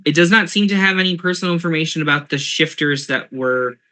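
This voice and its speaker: Bright-voiced man running a tabletop game. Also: on the high side, quick pace. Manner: hesitant, filler-heavy narration. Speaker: game master. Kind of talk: narrating a tabletop game online.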